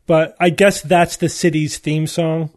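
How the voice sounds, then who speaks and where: Chatty man, fairly high voice. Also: flat delivery, a little slow. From United States. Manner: chatty storytelling with restarts. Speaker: podcast host. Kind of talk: casual chat.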